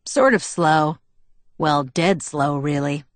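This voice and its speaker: A woman reading a blunt middle-aged father who flares into shouting, in a storybook. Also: low voice, takes it slowly, no room sound. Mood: easygoing. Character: gruff middle-aged father, police chief, easily riled.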